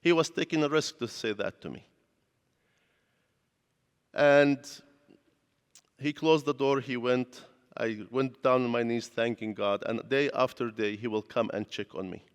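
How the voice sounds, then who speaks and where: Speaking a little slowly with long pauses, a man with a clean, mid-range voice preaches his personal testimony. The church hall's long reverb surrounds his earnest storytelling, and his grammar is that of a non-native speaker.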